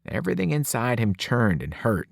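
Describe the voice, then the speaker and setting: A man, a teacher, reading a novel aloud with expressive narration. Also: mid-range voice, normal speed, vocal fry, dry recording, studio quality. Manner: expressive, voices the characters. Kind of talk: audiobook narration.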